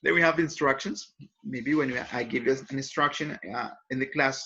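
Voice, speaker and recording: A man's voice: mid-range voice, fairly quick, gravelly, pushed and bright, muffled recording. A man teaching English grammar in a recorded lesson. He explains patiently and often corrects himself mid-sentence.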